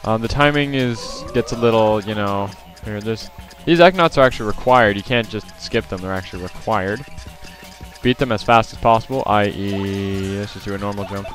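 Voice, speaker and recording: A man's voice: fairly low pitch, moderate pace, faint music behind. A man giving casual gameplay commentary as a let's play host, rambling with lots of fillers and self-corrections.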